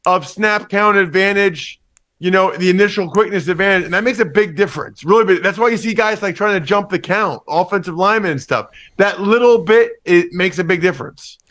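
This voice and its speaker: Lively, high-voiced man talking football. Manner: lively, teasing, quick to joke. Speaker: football podcast host and analyst, guest. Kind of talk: casual radio interview banter.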